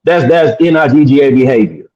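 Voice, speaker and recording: A man's voice: medium pitch, lively intonation, crowd noise. Casual man on a dull lo-fi mic. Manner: casual, halting, repeats himself. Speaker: panelist. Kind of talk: panel debate.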